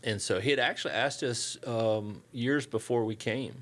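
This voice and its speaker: A middle-aged man with a Southern US accent, a church staff member telling relaxed, folksy stories in an interview and acting out the dialogue. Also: mid-range voice, normal speed. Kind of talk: casual storytelling interview.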